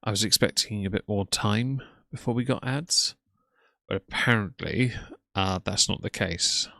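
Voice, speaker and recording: Low, dry-voiced man mocking on a stream. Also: a little slow, gravelly, bright, forceful tone, no room sound. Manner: scornful, mocking running commentary. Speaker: commentary streamer reacting to a livestream. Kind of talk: live stream commentary.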